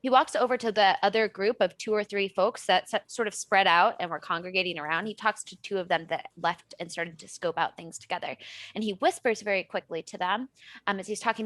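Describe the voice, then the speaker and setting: A woman runs a tabletop game, narrating in a loose, chatty way. Her voice sits at a middle pitch. The sound is dry and close. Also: a bit bright, no room sound. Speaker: game master.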